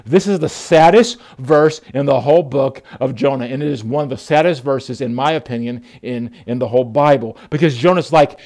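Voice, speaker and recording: A man's voice: mid-range voice, normal speed, hardly any pauses. A man preaching a sermon as a pastor, impassioned, with frequent restarts, addressing his congregation as folks. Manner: impassioned, repetitive restarts, acts out quotes loudly.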